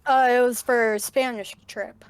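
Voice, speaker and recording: A young woman from the United States, chatting casually on a podcast in a relaxed way, full of "like" fillers. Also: on the high side, moderate pace, smooth, no room sound.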